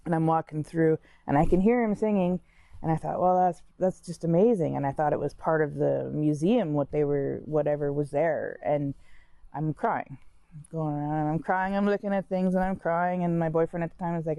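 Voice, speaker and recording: A woman speaks candidly about her own life, talking conversationally and circling back over her words. Her voice is dark and a little gravelly, and the recording is dry and close with no room sound. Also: lowish voice, fairly quick, no echo. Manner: candid, conversational, with frequent restarts and "like". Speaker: interviewee sharing her story. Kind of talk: personal storytelling.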